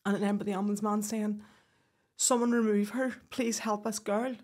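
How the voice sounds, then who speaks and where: Husky woman recounting. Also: medium pitch, flat delivery, darkish tone. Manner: halting, with restarts and quoted speech. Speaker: guest. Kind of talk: emotional personal account.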